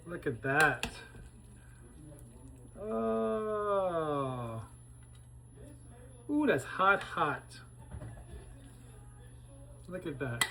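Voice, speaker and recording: A chatty man hosts a home cooking show, talking straight to his viewers as he cooks and tastes. His voice sits a bit high for a man, and the sound carries a faint hiss. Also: big pitch swings, extremely slow, creaky, pauses often, bright, forceful tone, low-quality recording. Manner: chatty and folksy, talks to viewers while tasting. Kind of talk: casual cooking demonstration to camera.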